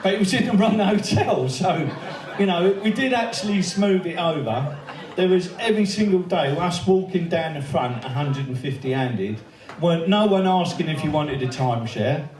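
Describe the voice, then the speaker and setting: Guy telling pub stories to a crowd, laughing and swearing, bit high voice, echoey room, mic far off. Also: animated, normal speed, darkish tone. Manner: swearing, laughing storyteller who acts out the quoted voices. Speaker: speaker at a memorial birthday event. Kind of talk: anecdotal speech to a crowd. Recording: echoey room, heard from a distance.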